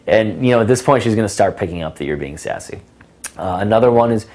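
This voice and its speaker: This is a dating coach, a man whose low voice moves fairly quickly and sounds a little mellow. He gives casual, playful instruction on conversation tips, acting out sassy sample lines.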